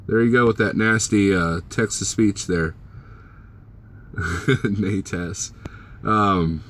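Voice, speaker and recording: A man's voice: deep voice, takes it slowly, long pauses, a little hiss or hum. A man vlogging as a truck driver, casually chatting and joking with his live-stream viewers and teasing them by name.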